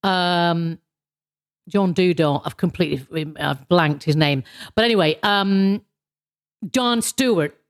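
A woman's voice: on the low side, slow, long pauses. A woman hosting a show, casually recapping her episode in a rambling, sardonic way with many fillers and restarts. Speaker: show host.

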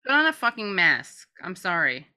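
A woman's voice: fairly low pitch, big pitch swings, moderate pace, pushed and bright. A woman co-hosting a casual commentary chat, blunt and profane, joking as she reacts. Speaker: co-host.

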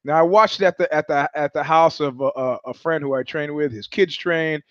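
Casting note: New man, high voice, dry close sound, sardonic profane podcast host. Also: brisk, dry recording, lo-fi sound. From New York. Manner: profane, sardonic, animated storyteller who acts out voices. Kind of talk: casual monologue, storytelling.

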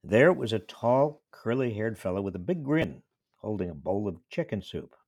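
A man's voice: lowish voice, very animated, normal speed, a little mellow, husky, no echo. A man in his seventies from small-town New York, a professor telling a wry, reflective personal story. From small-town New York State. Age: 70s. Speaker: professor and commentator. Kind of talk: storytelling monologue.

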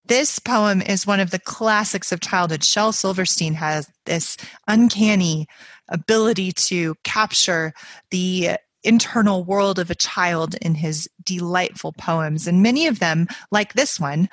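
A woman chats easily about a poem, her voice sitting low. She talks in a relaxed, unscripted way, and the recording is close and dry. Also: unhurried, dry recording. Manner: chatty and warm-hearted, with frequent ums and uhs. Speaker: podcast host. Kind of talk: casual poetry commentary.

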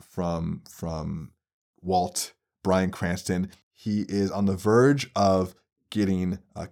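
A young man hosts a podcast, delivering an essay-style commentary. He's animated and profane, swinging between low mutters and loud outbursts.

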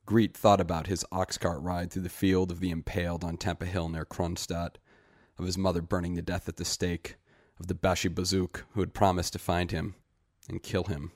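Deep-voiced guy reading a short story, steady and measured, dry close sound. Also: dry recording. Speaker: story reader. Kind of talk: scripted narration.

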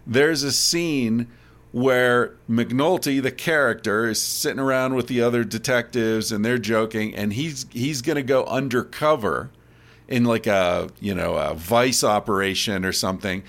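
A man from Pennsylvania hosting a casual chat, talking in a relaxed, conversational way. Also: mid-range voice, unhurried.

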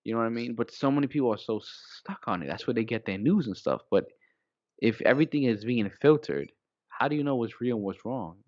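A man co-hosting a small podcast, talking casually and rambling, getting animated when he quotes people. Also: medium pitch, a little fast, no room sound, dull audio. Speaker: podcast co-host.

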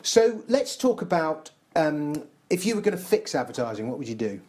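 A man's voice: fairly high pitch, big pitch swings, moderate pace, darkish tone. A man, a voice-over artist, interviewing his guest in casual conversation with articulate explanations.

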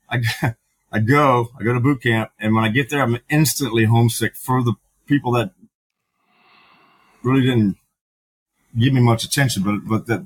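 Husky middle-aged man, frank and halting. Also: mid-range voice, rough recording. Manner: frank and profane, halting with many fillers. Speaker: podcast guest, veteran. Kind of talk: candid conversational storytelling.

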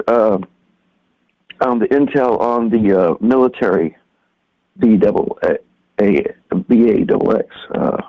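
A man's voice: mid-range voice, creaky. Rambling man calling in over a dull line. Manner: halting, many restarts and fillers, conspiratorial. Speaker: caller. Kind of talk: rambling call-in talk.

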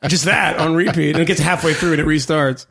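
A man co-hosting a podcast in casual chat, an animated storyteller who acts out voices. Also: fairly high pitch, fast, vocal fry, husky. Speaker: podcast co-host.

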